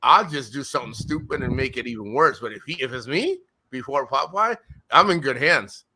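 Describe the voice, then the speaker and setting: A man with a bright, forceful voice talking on a live stream. He rambles, restarts his sentences and retells conversations in an emotional, casual way. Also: medium pitch, lively intonation, fairly quick, a little hiss or hum.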